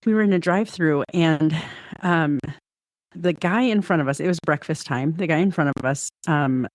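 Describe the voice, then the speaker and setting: A woman's voice: low voice, moderate pace, dry recording. A middle-aged woman who is a podcast guest, telling stories and reflecting in casual conversation, often hedging her points. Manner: reflective, storytelling, frequent hedging.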